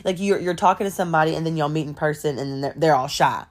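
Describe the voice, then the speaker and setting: A woman telling a story on her home podcast, animated and chatty, full of asides. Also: sits low, quick pace. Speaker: podcast host. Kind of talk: casual storytelling.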